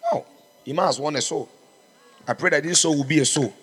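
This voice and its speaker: A man's voice: fairly high pitch, fast talker, fairly bright tone, husky, long reverb tail. A man preaching a sermon as pastor, fervent and exhorting, calling out to his congregation. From Ghana.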